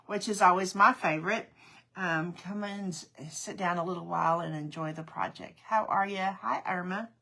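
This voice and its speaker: A woman's voice: mid-range voice, bright, forceful tone. A woman hosting a live craft stream, chatting casually, greeting viewers by name and laughing often. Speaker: craft livestream host. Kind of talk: casual livestream chat.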